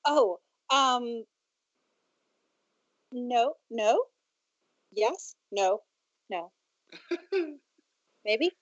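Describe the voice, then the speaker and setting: A woman's voice: a little high, animated, drawn-out words, long pauses, dry recording. A woman player in a tabletop game, hesitant and playful. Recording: dry lo-fi recording.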